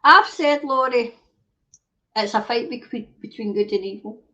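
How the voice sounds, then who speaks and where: A woman's voice: on the high side, fairly even intonation, rough recording. A Scottish woman hosting a casual livestream chat, ranting and swearing as she reads out viewer comments. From Scotland. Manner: ranting and sweary, quick to flare up. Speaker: livestream show host.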